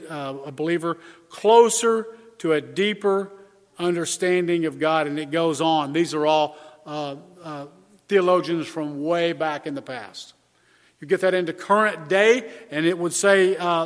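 A man preaching a sermon as pastor, earnest and measured, stressing key words by repeating them. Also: a little high. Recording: long hall reverb.

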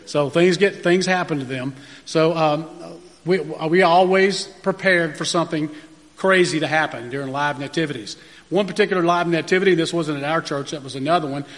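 A man's voice: on the high side, moderate pace, fairly bright tone. A man, a pastor, telling folksy anecdotes in a sermon, with frequent fillers and restarts. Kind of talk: storytelling sermon. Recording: long reverb of a large room.

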